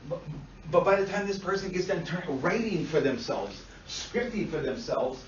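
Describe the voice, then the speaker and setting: A man lectures a class in a blunt, lively way, swearing freely and slipping into the voices of clients. His voice sits a little high for a man. The recording picks him up from a distance in an echoey classroom, with a dull, lo-fi sound and a faint hiss. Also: moderate pace. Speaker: instructor.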